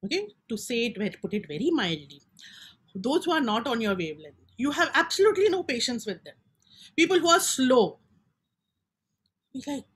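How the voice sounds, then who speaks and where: A woman's voice: a little high, very animated, moderate pace, fairly bright tone, breathy edge. A woman with an Indian English accent giving a casual spiritual talk, chatty and acting out people's inner voices. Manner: chatty, code-switching, acts out inner voices. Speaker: spiritual teacher.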